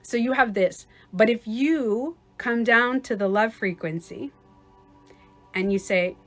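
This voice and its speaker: A woman life coach giving a casual livestream talk, chatty and quick to laugh, acting out little scenarios as she explains. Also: a little high, faint music behind.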